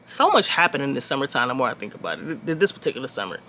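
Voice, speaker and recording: A woman telling a personal story to her viewers in a casual vlog, blunt and profane, swinging between loud outbursts and quiet asides. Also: a bass voice, quick pace, slight background noise. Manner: animated, swings loud and soft.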